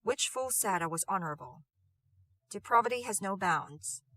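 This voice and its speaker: A woman voicing a cool, menacing young gang leader who speaks low and mocking. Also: expressive, normal speed, fairly bright tone, no echo, natural voice.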